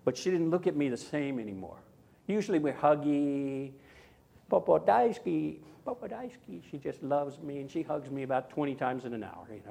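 A man's voice: on the high side, darkish tone. An older man preaching a sermon in a chatty, anecdotal way, with frequent asides and tag questions. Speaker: pastor. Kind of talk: sermon with personal story.

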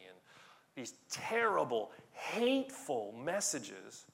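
A man preaching a sermon in an animated way, repeating words and rising to loud emphasis. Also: mid-range voice, slow, vocal fry. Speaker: pastor.

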